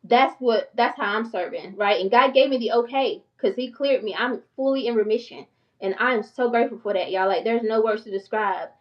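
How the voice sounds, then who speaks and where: A woman's voice: on the high side, a little fast. A middle-aged woman talking casually to her viewers, chatty and candid, laughing often, as a financial coach. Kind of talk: casual talk to camera. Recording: dull lo-fi sound from a distance.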